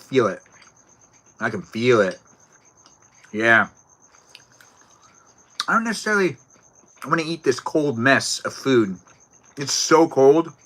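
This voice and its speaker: A man hosts a live stream from outdoors, reading out viewer comments and teasing them by name. His voice is bright and forceful, with a loose, playful manner, and crickets chirp faintly behind him. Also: mid-range voice. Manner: playful, jokey, talks to chat by name, barks and giggles on request. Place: outdoors, cold evening.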